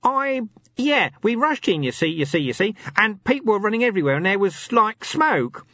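A man's voice: sits high, big pitch swings, moderate pace, sharp tone, dry recording, muffled recording, voice pushed up, exaggerated voice. A man voicing a flustered, shifty male corporal who stammers and babbles in an audiobook reading.

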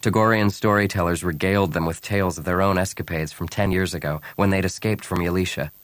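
Man, very low voice, scripted narration, calm, soft-spoken dialogue, dry studio. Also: quick pace, no echo. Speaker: audiobook narrator.

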